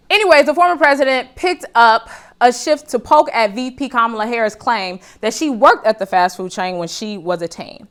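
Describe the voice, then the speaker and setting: Brief: woman talk show host, playful comedic monologue, slightly high pitch. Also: brisk, fairly bright tone, smooth. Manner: joking, addresses audience as y'all. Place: studio with live audience.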